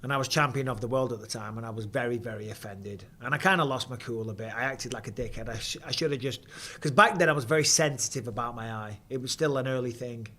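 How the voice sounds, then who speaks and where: A man's voice: mid-range voice, quick pace, sharp tone, slight background noise. A middle-aged man hosting a live fight stream, talking in a blunt, chatty way and swearing freely. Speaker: host. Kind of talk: casual live fight commentary.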